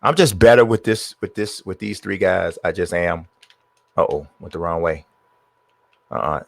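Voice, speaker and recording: Deep-voiced man trash-talking a game. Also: moderate pace, vocal fry, no room sound. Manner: trash-talks the game, mutters to himself. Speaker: streamer. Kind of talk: live gameplay commentary.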